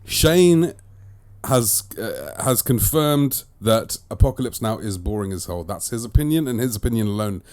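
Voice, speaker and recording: A man co-hosting a podcast in casual chat, animated and teasing, with crude banter. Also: on the low side, normal speed, hardly any pauses. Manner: animated, swinging between mumbles and loud bursts. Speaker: podcast co-host.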